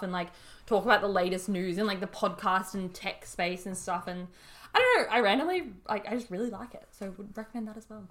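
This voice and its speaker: A woman's voice: medium pitch, a bit bright. A woman in her twenties with an Australian accent, co-hosting a casual podcast chat and laughing often. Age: 20s. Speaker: podcast co-host.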